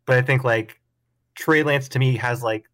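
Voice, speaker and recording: A man's voice: mid-range voice, steady tone, moderate pace, a bit bright. A man hosting a casual sports podcast, chatting in a laid-back way and hedging his opinions with lots of "like". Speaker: podcast host.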